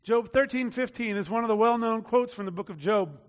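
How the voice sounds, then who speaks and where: High-voiced man preaching in a reverberant hall. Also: brisk. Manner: conversational preaching with acted-out quotes and sudden shouts. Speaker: pastor. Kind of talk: sermon.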